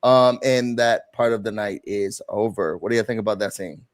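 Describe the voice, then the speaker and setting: A man hosting a live show recap, chatting casually and acting out quotes with sudden loud bursts. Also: lowish voice, normal speed. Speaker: host.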